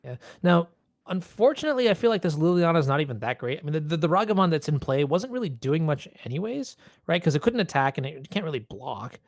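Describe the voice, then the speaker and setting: A man's voice: fairly high pitch, big pitch swings, fast, creaky, no room sound, clean studio sound. A man commentating a card game tournament, explaining rules and plays with many fillers.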